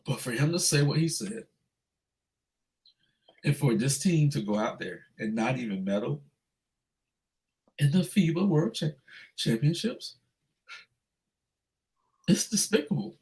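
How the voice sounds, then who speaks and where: A man co-hosting a casual sports podcast, animated and profane, ranting loudly when upset. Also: mid-range voice, measured pace, long pauses. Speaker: podcast co-host.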